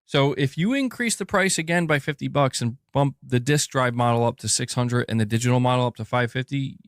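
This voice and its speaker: A man's voice: medium pitch, brisk, no echo, clean studio sound. Exasperated male gaming podcaster. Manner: exasperated, dismissive. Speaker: gaming podcaster in a played clip. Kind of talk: opinion podcast commentary.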